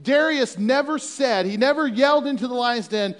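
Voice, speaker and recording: Brief: male pastor, sermon, casual and joking between readings, high voice, long hall reverb. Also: moderate pace, hardly any pauses. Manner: conversational, humorous asides.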